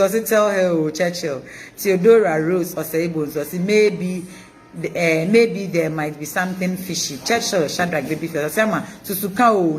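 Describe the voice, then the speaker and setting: A Ghanaian woman hosting a live stream, mixing Twi and English, reading viewer comments in an animated, chanting way. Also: on the low side. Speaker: host of an online news channel.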